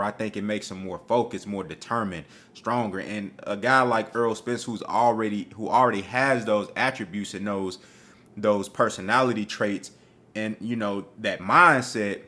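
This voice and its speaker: A man giving his casual opinions on an upcoming boxing fight, talking with street slang and cursing freely. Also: on the low side. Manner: profane, animated, street slang. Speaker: boxing commentator.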